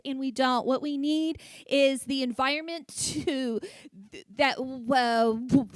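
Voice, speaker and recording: A woman in her forties with a stutter gives a humorous speech to a luncheon audience in an event hall, often repeating sounds. Her voice sits high and is a bit bright, with no echo.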